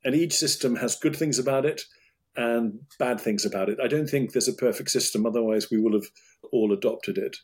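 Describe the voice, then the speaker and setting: Brief: middle-aged British doctor, husky and measured, restarts often. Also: male voice, medium pitch. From United Kingdom. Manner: thoughtful, with many restarts and repeated words. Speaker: urologist guest. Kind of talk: interview conversation.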